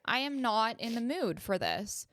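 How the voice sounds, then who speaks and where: A young woman co-hosting a podcast, telling animated stories in casual chat, acting out quotes and swearing freely. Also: on the high side, a little slow, no room sound, studio quality. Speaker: podcast co-host.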